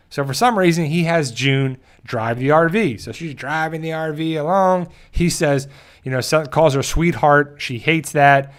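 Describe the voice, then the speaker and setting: A man hosting a channel, casually recapping an episode in a rambling way and briefly acting out the characters' lines. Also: mid-range voice. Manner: rambling, with frequent restarts and quick acted-out quotes. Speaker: show host.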